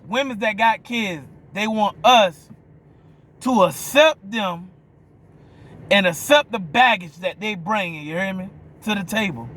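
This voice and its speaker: High-voiced blunt New Orleans man. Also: a bit bright, slight background noise. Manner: blunt and profane, keeps asking "you hear me". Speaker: vlogger. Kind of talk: opinionated monologue.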